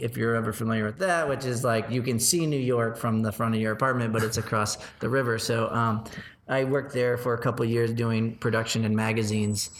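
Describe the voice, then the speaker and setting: A man's voice: on the low side, fairly even intonation, fairly quick. A man from Chicago, in his thirties, talking through his career in a loose, filler-heavy way as an interview guest. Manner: rambling, filler-heavy, self-deprecating. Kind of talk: casual interview chat. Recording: roomy echo, faint background noise.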